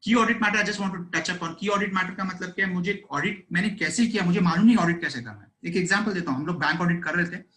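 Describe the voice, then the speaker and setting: A man with an Indian accent gives a fast seminar lecture, switching between English and Hindi, with many fillers. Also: high-pitched, sharp tone, low-quality recording. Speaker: speaker at a professional seminar.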